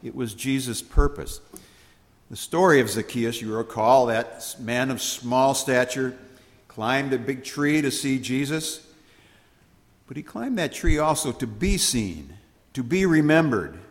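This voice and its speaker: A man reading the gospel aloud and preaching a sermon in a church, solemn and measured, with dramatic pauses. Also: medium pitch, expressive. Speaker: priest. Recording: long reverb of a church hall.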